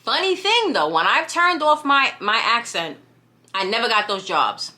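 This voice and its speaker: With a voice on the high side, a young vlogger with a clear New York accent speaks at normal speed to her camera. She's casual, chatty and animated, her tone bright and forward, and she keeps asking "you know what I mean?"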